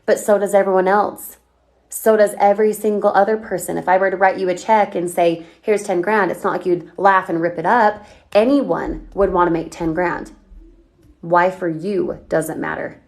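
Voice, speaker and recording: Chatty woman coaching a livestream audience. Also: medium pitch. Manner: energetic, chatty, asks rapid questions. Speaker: online business coach. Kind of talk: livestream chat reading viewer comments.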